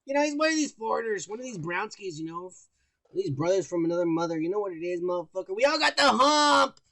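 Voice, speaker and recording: A man's voice: sits high, fast, no echo. A man co-hosting a podcast, talking in crude, profane, rambling banter while reading out the news. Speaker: podcast co-host.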